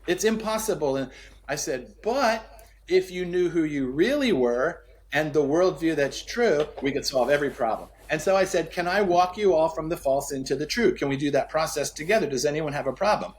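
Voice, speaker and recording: A man telling a story as a podcast guest, acting out the dialogue with sweeping pitch and repeating key phrases for emphasis. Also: lively intonation, normal speed. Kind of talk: storytelling in conversation.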